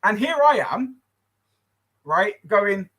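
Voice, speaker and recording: Husky man in casual chat. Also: high voice, animated, slow, a bit bright, rough recording. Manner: rambling, swears freely, laughs often.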